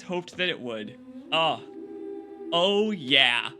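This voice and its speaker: A man streaming a video game, chatting casually with viewers and reacting excitedly. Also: moderate pace, long pauses. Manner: excitable, swears freely, laughs loudly, jumps to high yelps.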